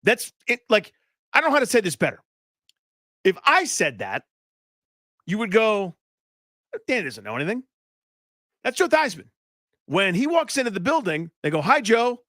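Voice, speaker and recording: A man co-hosting sports talk radio, talking excitedly and making pointed, rhetorical arguments. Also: high-pitched, normal speed, pauses often, no echo, clean studio sound.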